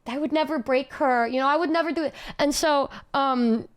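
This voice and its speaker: A woman's voice: sits high, moderate pace. A woman streamer telling a story in a casual chat, giggly and rambling with lots of fillers.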